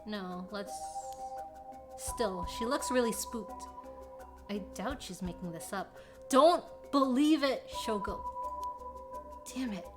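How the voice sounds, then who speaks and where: Over loud music, a woman with a mid-range voice and lively intonation streams a horror game, speaking slowly with long pauses. She reads the dialogue out and reacts dramatically, moving between hushed whispers and sudden yelps.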